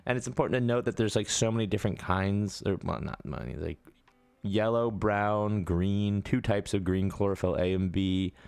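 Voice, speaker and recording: A man's voice: lowish voice, moderate pace, vocal fry, a little mellow, clean tone, dry recording. A man hosting a casual live stream, chatting playfully with viewers and joking around.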